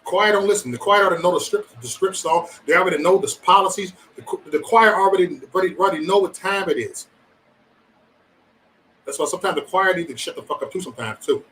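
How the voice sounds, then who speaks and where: A man's voice: high-pitched, fast talker, distant mic, low-quality recording. A man hosting a casual livestream, chatting loosely and profanely with his viewers. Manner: loose, profane, animated banter with chat. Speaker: livestream host.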